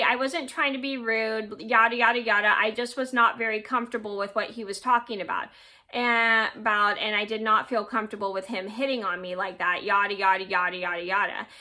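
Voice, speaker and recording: A woman's voice: fairly high pitch, bright, forceful tone. A woman in her twenties, a vlogger, casually telling a personal story to camera, rambling and quoting what people said. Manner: rambling retelling with quoted dialogue and yada yada.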